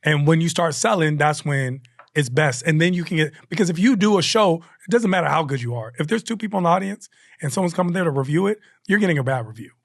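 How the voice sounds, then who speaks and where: A male comedian chatting as a guest, lively and loose, tossing in asides and restarting sentences as he goes. His voice sits a little above the usual male range. The sound is close and dry, with no room echo. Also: fairly high pitch, fast, creaky. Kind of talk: casual storytelling chat.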